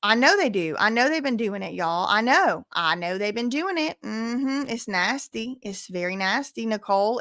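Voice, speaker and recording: A woman hosting a casual livestream commentary, reading out chat messages and reacting loudly, repeating phrases and exclaiming with disgust. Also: a little high, animated, a little slow, hardly any pauses, dry recording, studio quality.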